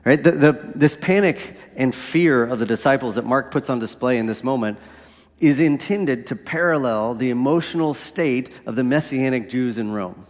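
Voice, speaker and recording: A man preaches a sermon conversationally, often checking in with listeners and frequently asking "right?" His voice is mid-range and moderately paced, with a big-room sound.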